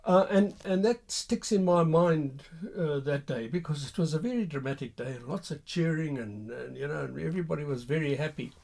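An older man, an army veteran answering viewers' questions with an unhurried, hesitant spoken reminiscence. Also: a little high, gravelly, a little mellow. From Rhodesia. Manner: unhurried, hesitant, with frequent pauses.

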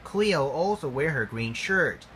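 A man reading a children's storybook aloud. He reads slowly and haltingly, stumbling over grammar. His voice sits a little high and moves up and down. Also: lively intonation, a bit bright, a little hiss or hum.

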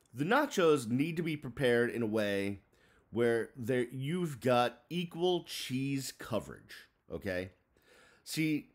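A man in his forties from the Boston area rants to camera about whatever comes to mind. His pitch swings up and down all the time, and he rambles, restarting sentences and filling gaps with ums and uhs. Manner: rambling, chatty, full of fillers and restarts. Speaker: vlogger. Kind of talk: casual rant to camera.

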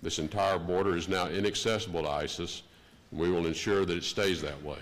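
A man in his sixties with a Texan accent giving a formal prepared speech at a conference, measured and deliberate. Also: low voice. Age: 60s. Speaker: diplomat giving an opening address. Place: conference hall.

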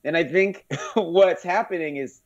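A man on a podcast as a guest, telling animated stories in casual conversation, with many restarts. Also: a little high, unhurried, lo-fi sound.

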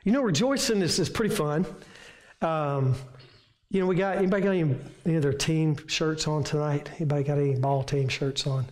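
A man's voice: on the high side, brisk, a little mellow. A man with a Southern American accent preaching a sermon from the pulpit, in a folksy way that builds up emphatic repeated lines. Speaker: pastor. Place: church sanctuary. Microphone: room microphone. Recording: echoey church room.

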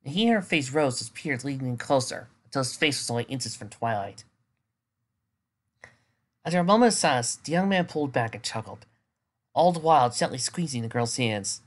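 Woman reading fan fiction aloud, very deep voice, lively intonation, small stumbles. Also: fairly quick. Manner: reads with small stumbles and restarts. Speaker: reader.

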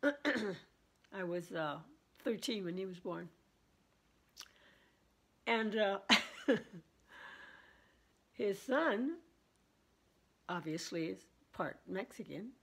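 A woman in her seventies with a husky voice, chatting and laughing as she tells stories to her vlog viewers. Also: mid-range voice. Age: 70s. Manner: chatty, laughs often while telling. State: throat trouble. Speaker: vlogger. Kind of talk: casual storytelling chat.

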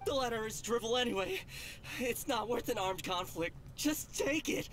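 An actor voicing a blunt, practical gang go-between in a video game. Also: male voice, very high-pitched, lively intonation, normal speed, heavy background noise. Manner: blunt, dismissive. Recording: game audio with music.

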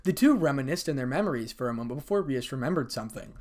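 A man's voice: medium pitch, expressive, very fast, darkish tone. A man reading a fan-fiction story aloud as narrator, voicing all characters.

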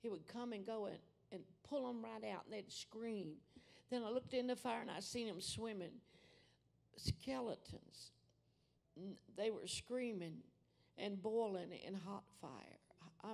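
An older woman preaching a fervent testimony sermon, calling her listeners sweetheart and babies and dropping at times to a hush. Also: medium pitch, unhurried, vocal fry. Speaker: guest preacher.

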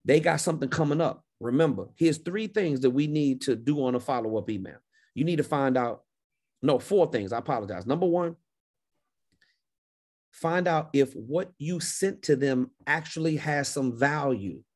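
A man's voice: medium pitch, expressive, normal speed, a little mellow. A man coaching a caller on a livestream Q&A, confident and emphatic, often repeating phrases. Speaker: speaking business coach.

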